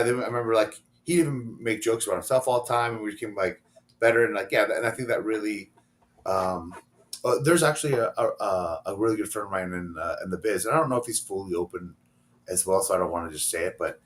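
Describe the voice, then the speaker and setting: A middle-aged man, a professional wrestler guesting on an interview show, telling stories in a rambling, casual way and acting out the dialogue he quotes. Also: on the low side.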